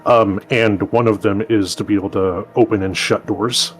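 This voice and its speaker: A man's voice: on the low side, fairly even intonation, normal speed, soft background music. A man playing a character in a tabletop role-playing game, describing his actions casually with lots of hesitations. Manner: casual, hesitant, full of fillers. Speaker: player. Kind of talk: tabletop role-play chat.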